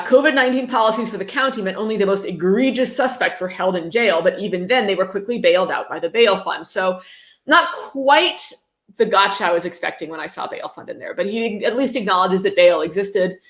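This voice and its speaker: A woman reads a book aloud on a stream and keeps stopping to mock it with dry sarcasm. Her pitch is middling, and the room around her is echoey. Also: a bit bright. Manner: sarcastic, mocking asides. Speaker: livestreamer reading a book aloud. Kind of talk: sarcastic dramatic reading with commentary. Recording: roomy echo.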